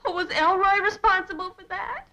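An earnest, emotional teenage daughter who pleads on behalf of her friend. Her voice is high and bright, in 1950s sitcom fashion. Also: a little fast, lo-fi sound, exaggerated voice.

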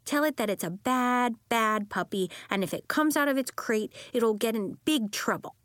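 A woman puts on a young shapeshifting girl for a storybook reading, high-pitched and bouncing with expression. She sounds bright, eager and insistent, and the recording is close and dry. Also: animated, moderate pace, dry recording. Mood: coaxing. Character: eager young girl who shifts into animals.

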